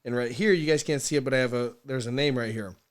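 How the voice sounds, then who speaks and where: An animated man, a guest on a podcast, tells stories casually at a middle pitch. He swears freely, laughs often and keeps restarting sentences mid-thought. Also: quick pace. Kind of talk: casual storytelling.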